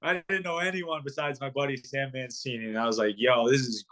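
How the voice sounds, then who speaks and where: Speaking fast and animated, a young man in his twenties who plays professional hockey rambles through stories in a casual podcast interview, peppering them with ums and likes. His voice is medium in pitch with a sharp tone.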